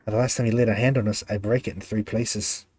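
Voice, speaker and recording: A man's voice: lowish voice, steady tone, a little fast, darkish tone, lightly acted. A man doing a brash, scornful spirit woman. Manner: brash, scornful, old-fashioned dialect. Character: fierce old-soul woman inside a young man.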